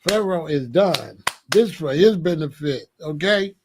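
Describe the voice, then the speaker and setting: Older man, grandfather, high voice, profane taunting rant, laughing, casual vlog. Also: animated, measured pace, slight background noise. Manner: profane, taunting, laughs often, repeats "you know what I'm saying". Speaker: vlogger scolding his grandson.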